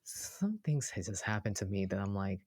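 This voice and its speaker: A therapist co-hosting a podcast, chatting casually and telling everyday stories with lively acted-out quotes. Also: low voice, normal speed, no room sound, clean studio sound. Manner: animated storyteller who acts out quoted voices.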